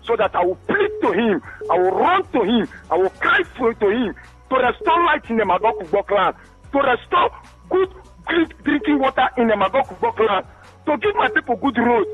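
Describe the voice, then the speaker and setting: A man's voice: very high-pitched, sing-song, moderate pace, breathy edge, faint music behind. A Nigerian man from Rivers State calling into a radio show, speaking with passionate pleading and calling the host his beloved brother. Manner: impassioned, pleading, keeps saying "my beloved brother". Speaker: caller. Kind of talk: call-in radio commentary. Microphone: phone call into a radio studio. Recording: muffled phone line.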